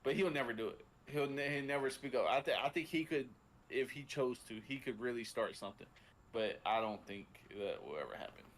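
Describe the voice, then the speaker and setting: A man's voice: medium pitch, animated, fairly quick, a little hiss or hum. A man co-hosting a sports podcast, talking casually with many restarts and fillers, sometimes swearing. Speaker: podcast co-host.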